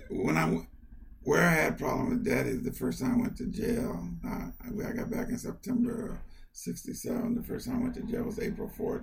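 An older man, a county councilmember, telling personal stories in an interview, animated and acting out family quotes. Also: very high-pitched, creaky, slight background noise. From United States. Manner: animated, lively storyteller who acts out family quotes. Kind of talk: conversational storytelling.

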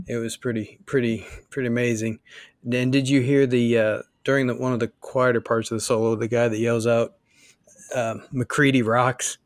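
A man co-hosting a casual music podcast, agreeing often and speaking haltingly with many fillers. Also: medium pitch, no room sound, clean studio sound. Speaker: podcast co-host.

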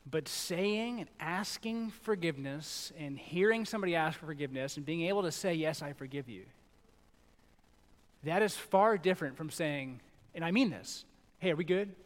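A middle-aged man delivering a sermon with a slightly high-pitched voice. He talks casually and with animation, slipping into quoted voices. The sound carries a long reverb from a big hall. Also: moderate pace. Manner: conversational, animated, acts out quotes. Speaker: pastor.

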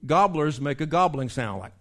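Male pastor, lively folksy sermon delivery, voice sits a bit high. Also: moderate pace. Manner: animated, imitates animal calls and voices.

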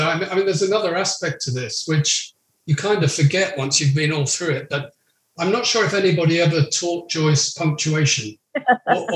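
A man, an audiobook producer, explaining his view in a measured way during an interview. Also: on the high side. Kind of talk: interview talk. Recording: roomy echo.

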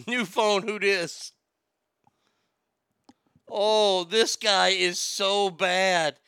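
A man's voice: high-pitched, steady tone, very slow, sharp tone, clean tone, dry recording. A man hosting a casual comedic chat, wisecracking about odd news stories. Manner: wisecracking, drifting into mocking bits.

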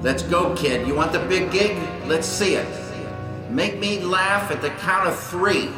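An actor playing a blunt, impatient man who taunts a young comic to make him laugh, heard in an echoey clip with loud music. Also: high-pitched, unhurried. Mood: taunting. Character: gruff man daring a young comic to be funny.

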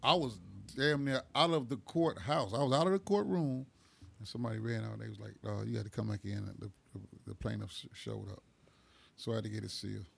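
Gravelly-voiced man telling loose stories. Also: on the low side, a little fast. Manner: loose, profane, laughing storytelling. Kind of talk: casual storytelling chat.

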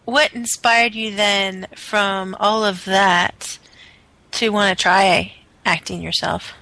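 Bright woman interviewer, dry sound. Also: mid-range voice, fairly even intonation, takes it slowly, dry recording, poor audio. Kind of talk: casual interview questions.

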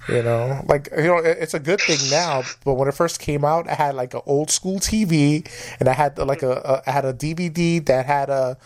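A man's voice: a little high, moderate pace. A man hosting a podcast in casual chat, rambling with lots of fillers and swearing freely. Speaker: podcast host.

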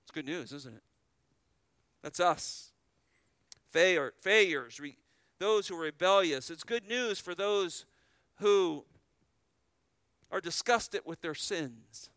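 A man's voice: sits high, animated, slow pace, pauses often, fairly bright tone, dry recording. A man preaching a sermon as pastor, earnest and full of rhetorical questions.

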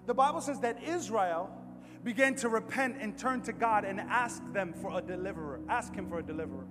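A man preaching a sermon to a congregation in an animated, emphatic way, acting out the lines he quotes. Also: sits high, brisk. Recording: long hall reverb with music behind.

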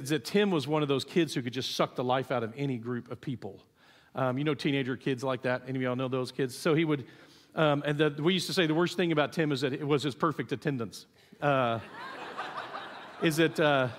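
A middle-aged man preaching a sermon, telling stories in an animated way and acting out the people he quotes. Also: on the high side. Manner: storytelling, animated, acts out quotes. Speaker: pastor. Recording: long reverb of a church hall.

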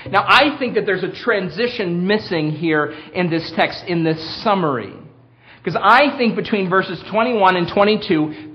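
A male preacher with a high voice delivers an emphatic sermon, pausing on rhetorical questions and shifting his pace to drive points home. The sound is muffled and lo-fi, like a dull church recording.

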